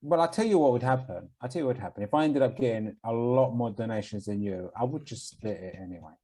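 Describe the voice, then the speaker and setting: A young man with a mellow, dark voice co-hosting a podcast. He talks in a laid-back, casual way and hands out blunt advice with the odd swear word. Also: medium pitch, fast, poor audio. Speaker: podcast co-host. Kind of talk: casual chat.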